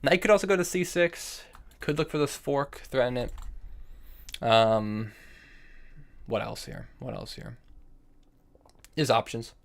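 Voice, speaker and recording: A man's voice: medium pitch, slow, creaky, long pauses. Young man streaming chess, thinking aloud. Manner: thinks aloud, repeats phrases, answers chat between moves. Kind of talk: live-stream commentary while playing chess.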